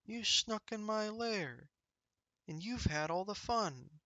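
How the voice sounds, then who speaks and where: A man's voice: sits high, lively intonation, takes it slowly, pushed and bright, dry recording, lo-fi sound, pitched above the performer's own voice, heavily acted. A man voicing a big grumpy male bear in a storybook, whiny and drawn out. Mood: sulky.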